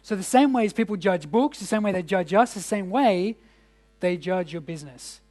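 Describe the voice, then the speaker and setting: High-voiced jokey man presenting. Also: expressive, moderate pace, darkish tone. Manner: casual, jokey, asks the room questions. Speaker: business coach. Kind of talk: workshop presentation to a live audience. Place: indoor event room.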